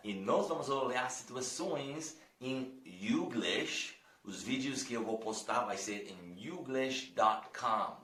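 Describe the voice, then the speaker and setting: Slow, lively American man teaching English. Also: lowish voice. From United States. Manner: slow, drawn-out modeling of phrases for learners. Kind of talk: language lesson. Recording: roomy echo.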